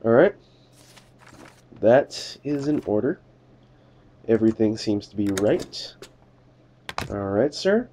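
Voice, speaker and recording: A man's voice: lowish voice, big pitch swings, slow, long pauses, mellow. A young man giving casual, jokey game commentary, talking to the characters as a border inspector and swearing now and then. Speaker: gamer doing a let's play.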